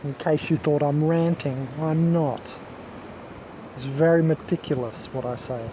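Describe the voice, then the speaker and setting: A man's voice: fairly high pitch, steady tone, unhurried, background noise. A man rambling to camera as a wellness vlogger, emphatic and self-assured, lecturing his viewers.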